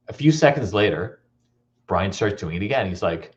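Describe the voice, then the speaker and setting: A man giving a motivational talk, telling comic stories in an animated, playful way. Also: fairly low pitch, unhurried, muffled recording. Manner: animated storytelling, playful and teasing. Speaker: motivational speaker.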